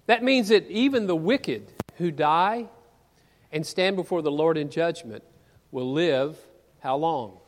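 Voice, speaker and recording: A man's voice: on the high side, takes it slowly. A man preaching a sermon to his congregation in a church, earnest, asking rhetorical questions as he speaks. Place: church sanctuary. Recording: reverberant church hall.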